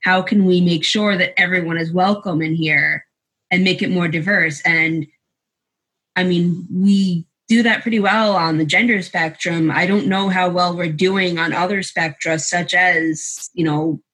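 A panelist with a medium-pitched, bright voice speaks on a roundtable. The delivery is earnest and thoughtful, working through ideas in a casual way. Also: fairly even intonation, unhurried.

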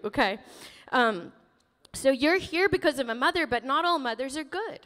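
A woman pastor preaching a sermon in a church, emotional and animated, laughing often as she tells stories. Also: high-pitched, takes it slowly, long reverb tail. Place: church sanctuary.

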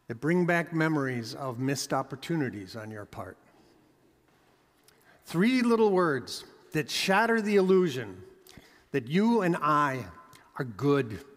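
A man's voice: on the high side, very animated, slow, pauses often. Man preaching in a reverberant church. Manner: emphatic preaching, rising and dropping for effect. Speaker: pastor. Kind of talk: sermon.

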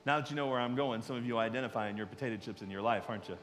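A middle-aged man preaching a sermon in a conversational way, swinging from loud emphasis to quiet asides. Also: medium pitch, rapid-fire, in a large hall. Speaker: pastor.

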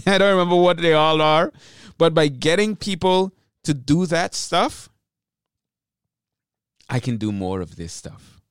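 A man's voice: a little high, clear, resonant tone, dry recording, clean studio sound. Upbeat rambling male podcast host. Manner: energetic, rambling, self-interrupting. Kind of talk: solo podcast monologue.

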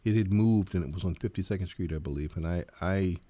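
A man's voice: low voice, fast, dark tone, dry recording. A man in his sixties, a jazz guitarist and professor, answering interview questions earnestly, with many fillers and repeats.

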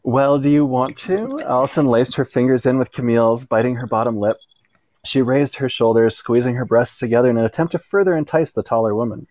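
Mellow male narrator reading an erotic story. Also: mid-range voice, no room sound. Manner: unhurried reading with small slips and self-corrections.

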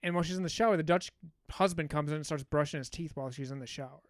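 Smooth-voiced man in profane, rambling movie chat. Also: a little high, very fast. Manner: rambling, profane, animated storytelling. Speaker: podcast co-host. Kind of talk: casual movie recap chat.

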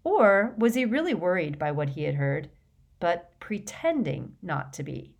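A woman reading an audiobook with steady, expressive narration. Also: on the low side, a little slow, gravelly.

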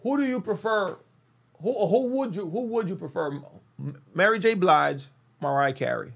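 A man's voice: sits high, lively intonation, moderate pace, vocal fry, husky. A young man co-hosting a casual podcast chat, playful and argumentative, often repeating himself. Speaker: podcast co-host.

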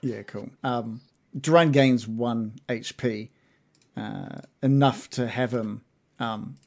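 A man narrating a tabletop game as game master, relaxed and chatty with hesitant fillers. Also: mid-range voice, slow, creaky.

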